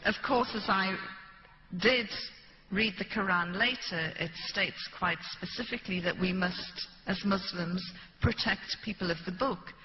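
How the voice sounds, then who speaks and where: A woman's voice: medium pitch, a little slow. A British woman speaking to an audience, telling a first-person story and acting out the people she quotes. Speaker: public speaker. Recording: dull, echoey hall recording with light hiss.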